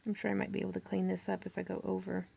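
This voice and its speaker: A woman's voice: medium pitch, monotone, rapid-fire, creaky, warm tone, slightly rough. A woman hosting a crafting tutorial, chatting casually and thinking aloud as she works. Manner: chatty, thinking aloud, with fillers and little laughs.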